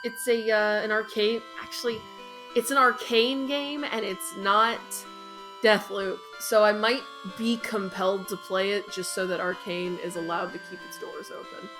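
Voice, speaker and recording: A woman co-hosting a podcast in casual chat, talking in quick, sardonic asides. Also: medium pitch, fairly even intonation, over music. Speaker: podcast co-host.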